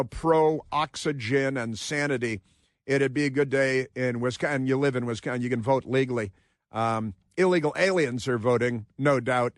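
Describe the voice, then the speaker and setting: A man's voice: mid-range voice, no echo, clean studio sound. A man hosting a talk radio show, monologuing in a mocking, sarcastic way and breaking into put-on voices to mimic others. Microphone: studio mic.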